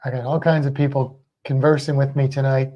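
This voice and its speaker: A man's voice: medium pitch, level tone, brisk. Rambling man on a dull livestream. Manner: rambling, hesitant, laughs often. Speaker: livestream co-host. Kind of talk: casual chat.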